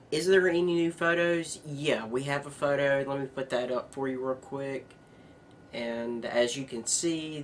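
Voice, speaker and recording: A man's voice: medium pitch, fairly bright tone, slight background noise. A man hosting his own news vlog, rambling and earnest with bursts of announcer-style hype. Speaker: show host.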